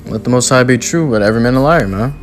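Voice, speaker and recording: Soft music plays behind a fast-talking man with a mid-range voice who is preaching. He reads passages of scripture and presses his message in blunt, repetitive slang.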